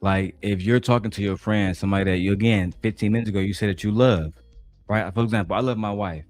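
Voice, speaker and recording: A man's voice: fairly low pitch, steady tone, fast, a little mellow, faint music behind. A man hosting a casual commentary, talking bluntly and swearing often. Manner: blunt, swears often, talks over clips. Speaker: commentary host.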